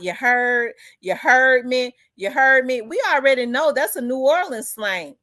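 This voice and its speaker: A woman's voice: on the high side, a bit bright, dry recording. A middle-aged woman with a Southern US accent, hosting a casual commentary chat, talking loosely with many fillers and restarts and answering viewer comments. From Memphis, US South. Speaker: host.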